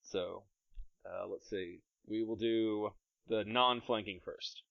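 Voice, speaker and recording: Game master, man, low voice, playful narration, dry and slightly dull podcast sound. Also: fairly even intonation, vocal fry, fairly bright tone, dry recording. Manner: playful, narrating combat with quick asides. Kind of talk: running a tabletop game, casual.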